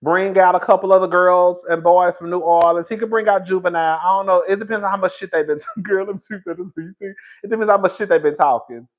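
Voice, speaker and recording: A young man with a high-pitched voice hosts a casual gossip commentary show. He talks in an animated, campy, slang-heavy way, breaking into loud laughter. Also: quick pace, few pauses. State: out of breath. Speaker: host.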